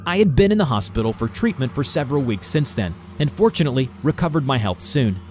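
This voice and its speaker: A man narrating a first-person horror story in a lively storytelling manner. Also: medium pitch, fast, slight background noise. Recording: faint music behind the voice.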